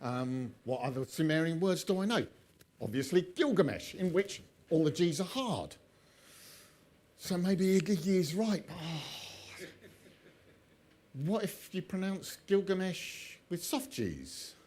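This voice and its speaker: A man's voice: fairly high pitch, lively intonation, measured pace, a little mellow. A man telling an old myth, drifting into chatty asides and laughing often at his own jokes. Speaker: storyteller. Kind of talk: oral storytelling with chatty asides.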